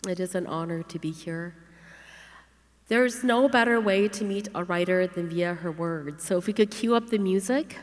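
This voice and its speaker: A woman's voice: on the low side, normal speed. A woman author takes the stage at a conference and greets the audience graciously. Her voice carries the long reverb of a large hall. Faint music plays behind her. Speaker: author and speaker. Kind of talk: conference talk.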